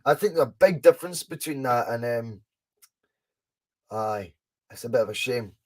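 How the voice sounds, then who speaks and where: A young Scottish man hosting a live fan watchalong, chatting casually, reacting excitedly to the match and answering viewers' comments. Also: mid-range voice, moderate pace. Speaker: podcast host doing a live fan watchalong.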